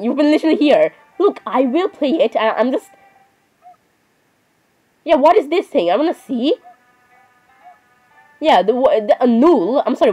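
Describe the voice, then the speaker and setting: A woman's voice: fairly high pitch, mellow, slightly rough, low-quality recording. A woman chatting casually while playing a game, often apologizing and saying "literally". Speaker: gamer. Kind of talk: casual gameplay commentary.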